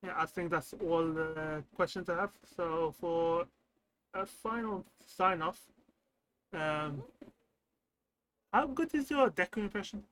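Relaxed male podcast host. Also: high voice, slow, pauses often, slight background noise, rough recording. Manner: relaxed, loosely phrased questions. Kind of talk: casual podcast interview.

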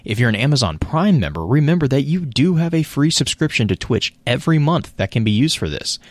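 A man's voice: mid-range voice, sing-song, fairly quick, no room sound. A man hosting a casual online podcast, reading sponsor notes and then chatting loosely with restarts. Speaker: podcast host.

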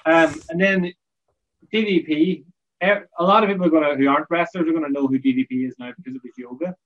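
A man hosting an interview, his voice a little high. He offers short conversational prompts, and the sound is muffled and slightly distant. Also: brisk. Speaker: host. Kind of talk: interview questions.

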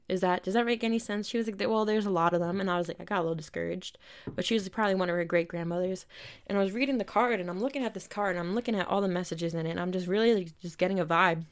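Young woman rambling casually on her podcast, says like a lot, kinda low voice. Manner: chatty, swears freely, lots of "like". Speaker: podcast host. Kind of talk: casual storytelling monologue.

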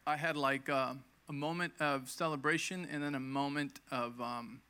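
A man's voice: on the high side, fairly even intonation, normal speed, sharp tone, clear, resonant tone. A man in his thirties preaching a conversational sermon, telling his own healing story and acting out quoted lines with emphasis. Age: 30s. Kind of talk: sermon with personal testimony.

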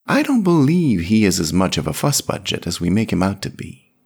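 A man voicing a kindly older male priest who speaks with gentle pastoral concern. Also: low-pitched, sing-song, fairly quick, creaky, breathy edge, voice pushed up, full character voice. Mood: gently concerned. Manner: warm, soothing pastoral concern. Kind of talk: audiobook character reading.

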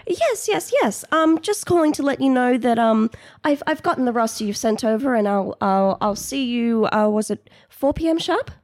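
A woman's voice: a little high, lively intonation, moderate pace, a little mellow, no room sound, clean studio sound, voice pushed up. A woman voicing an earnest, protective mother in a tabletop role-play, stammering and repeating her words. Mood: flustered, polite.

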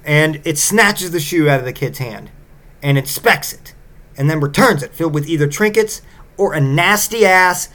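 A man's voice: sits high, fairly bright tone. Profane, sarcastic male podcast host. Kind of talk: comedic monologue.

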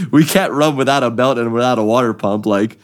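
A young man, a drift racing driver, telling a story with excitement and acting out the voices of the people in it. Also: medium pitch, moderate pace, soft background music. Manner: excited, acts out voices in quotes. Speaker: drift driver, podcast guest. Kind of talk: animated storytelling.

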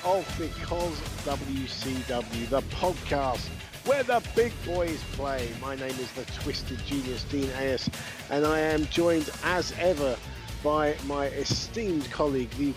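A man's voice: fairly high pitch, slow, over music. A man hosting a wrestling podcast in a chatty, joking way, with lots of fillers and restarts. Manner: chatty, self-deprecating, many fillers and restarts. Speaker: podcast host. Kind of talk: casual podcast chat.

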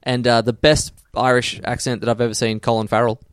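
An Australian man co-hosting a podcast, chatting casually, laughing often and reading out listener shout-outs. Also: medium pitch, level tone, a little fast, smooth, no room sound, studio quality. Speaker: podcast co-host.

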